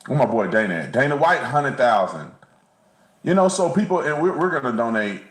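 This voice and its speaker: A man's voice: mid-range voice, big pitch swings, fairly quick, fairly bright tone, reverberant, low-quality recording. A man co-hosting a casual commentary livestream, talking bluntly and animatedly, often stumbling and repeating words. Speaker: co-host.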